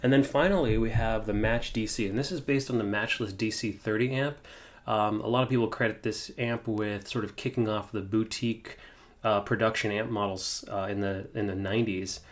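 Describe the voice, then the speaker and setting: Casual male gear-demo host, lowish voice, loose and unscripted delivery. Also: normal speed. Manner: relaxed, many fillers and restarts. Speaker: guitar amp tutorial host.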